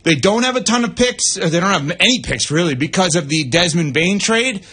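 A man hosting sports radio, reading the news and then giving brisk, opinionated analysis with asides into a studio mic. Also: high-pitched, animated, fairly bright tone, slightly rough.

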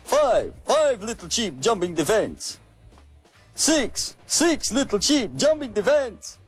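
A gleeful puppet vampire counts sheep in a theatrical sing-song voice, pitched very high and drawn out slowly. Faint music sits behind him, and the lines swoop and leap. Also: male voice, very animated, slightly rough, heavily acted. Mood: gleeful counting. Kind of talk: sung children's TV clip.

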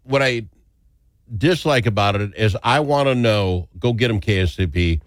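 A man's voice: fairly low pitch, moderate pace, dry recording, studio quality. A man hosting a talk radio show, opinionated, indignant and jokey.

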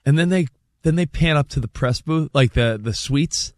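A man co-hosting a sports talk radio show, telling stories in a rambling, animated way. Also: a little high, normal speed, no echo, studio quality. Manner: rambling, animated storytelling with restarts.

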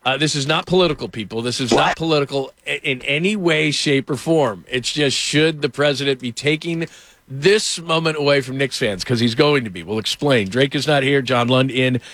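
A man's voice: medium pitch, normal speed, a bit bright. A man hosting a sports radio show, telling rambling anecdotes full of fillers into a studio microphone.

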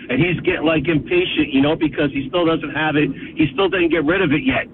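A man's voice: fairly high pitch, steady tone, a little fast. A man calling in to a radio show, telling a story casually with fillers and restarts. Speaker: caller. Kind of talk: casual phone-in chat. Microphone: telephone. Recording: tinny phone line with faint hiss.

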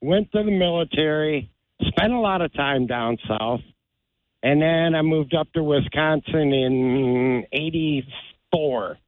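A man's voice: fairly high pitch, slow pace, no room sound. A man calling in to a sports radio show, talking in a folksy, drawling, apologetic way. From Ohio. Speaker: caller. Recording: tinny phone line.

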